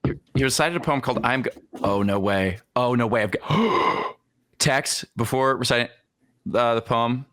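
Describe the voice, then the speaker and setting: A man's voice: medium pitch, normal speed, a bit bright. A young man co-hosting a podcast, telling a comic history story casually and slipping into exaggerated quoted voices. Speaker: podcast co-host.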